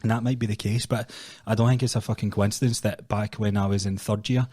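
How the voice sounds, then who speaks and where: Fast-talking, low-voiced Scottish man. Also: slightly rough, no room sound, studio quality. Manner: sweary, animated storytelling with quick restarts. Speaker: personal trainer, podcast co-host. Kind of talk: casual podcast chat.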